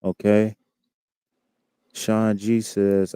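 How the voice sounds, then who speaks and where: A man's voice: sits low, steady tone, unhurried, warm tone, clear, resonant tone, no room sound. A man hosting a live tarot stream, chatting casually in a laid-back, slangy way and reading out viewers' comments.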